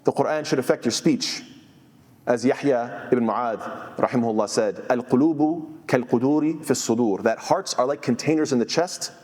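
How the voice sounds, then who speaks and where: Earnest preacher in an echoing hall. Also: male voice, medium pitch, moderate pace, a little mellow. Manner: earnest, quotes Arabic scholars then translates. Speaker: imam. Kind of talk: sermon. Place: masjid.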